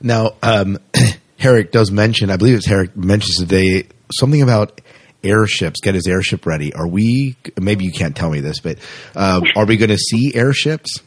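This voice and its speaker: A man hosting a podcast, interviewing guests with enthusiastic reactions and quick laughs. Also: fairly low pitch, slightly rough, dry recording. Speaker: podcast host.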